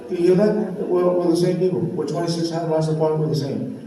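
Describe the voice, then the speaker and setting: A man's voice: a little high, fast talker. A man from Samoa, hosting a live cultural stage show, joking and leading the crowd in call-and-response. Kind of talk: live stage presentation to an audience. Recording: echoey venue, distant mic, background noise.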